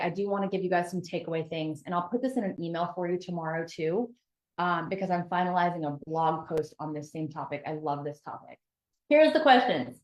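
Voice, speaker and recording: A woman's voice: fairly low pitch, reverberant, low-quality recording. A woman leading a live group coaching session, upbeat and encouraging as she speaks straight to her listeners. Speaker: life coach.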